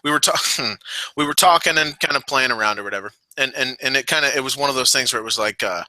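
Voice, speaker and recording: A man's voice: mid-range voice, fast talker, sharp tone, no echo, rough recording. A man co-hosting a casual wrestling podcast, rambling and blunt, often restarting his sentences. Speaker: podcast co-host.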